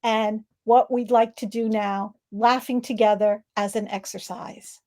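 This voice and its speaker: This upbeat woman leads laughter exercises during an online talk about laughter, showing rhythmic ho ha he sounds over a video call. She speaks with a somewhat high voice and a dark tone.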